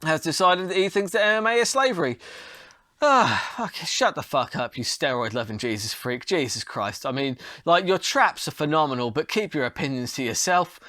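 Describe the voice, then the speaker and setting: A man's voice: fairly high pitch, pushed and bright, no echo, clean studio sound. A man hosting a solo podcast, talking casually and launching into heated, sweary rants. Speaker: podcast host.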